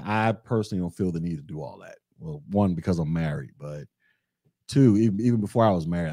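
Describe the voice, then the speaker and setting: A young man talks casually on his home podcast, easygoing and chatty as he reads comments from the chat. His voice sits fairly low, with a dark, mellow tone. The recording is dry and close, with no room sound. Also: no room sound. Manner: laid-back, conversational, reads chat comments aloud. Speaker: podcast host.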